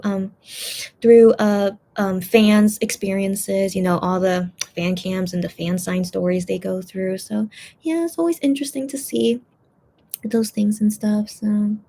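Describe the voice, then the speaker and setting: Reading chat on a relaxed livestream, a woman with a mellow mid-range voice wanders from thought to thought, leaning heavily on fillers like "like" and "you know." She opens up emotionally to her viewers and is quick to say sorry.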